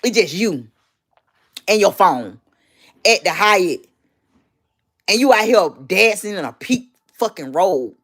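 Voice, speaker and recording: Woman livestreamer, mid-pitched, blunt and profane gossip talk. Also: slow, long pauses. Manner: blunt, profane, loudly animated. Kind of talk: casual livestream gossip commentary.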